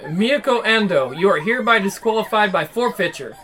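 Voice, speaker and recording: A reader voicing a cold robotic game announcer, with slow, flat announcing while reading a visual novel aloud. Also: medium pitch, natural voice.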